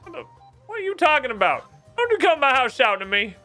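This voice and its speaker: A man's voice: extremely high pitch, very animated, faint music behind, voice pushed up, exaggerated voice. A man voicing a hot-tempered old sheep farmer who barks back indignantly, while playing a game. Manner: shouty, indignant, quick to bark back.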